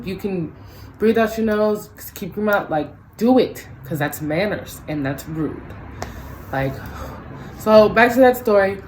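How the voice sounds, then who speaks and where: A young woman tells a story in a ranting vlog, swearing freely and acting out both sides of the exchange in lively bursts. Her voice sits at an ordinary middle pitch for a woman. A faint hiss of background noise runs under the recording. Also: low-quality recording. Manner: animated, profane, acts out both sides of the story. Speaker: vlogger.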